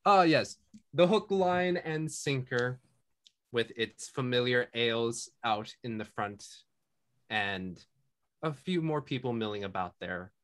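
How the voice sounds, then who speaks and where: A man running a tabletop game, narrating the scene in a relaxed, unhurried way. His voice sits at an ordinary middle pitch, and he often stops to search for words. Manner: relaxed, rambling, with fillers. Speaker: game master.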